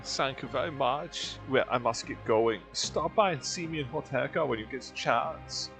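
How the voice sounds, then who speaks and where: A man's voice: mid-range voice, normal speed, vocal fry, over music, natural voice. Guy putting on a fake german accent for a stiff earnest old inventor, mid voice. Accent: put-on German. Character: kindly, self-important older male inventor.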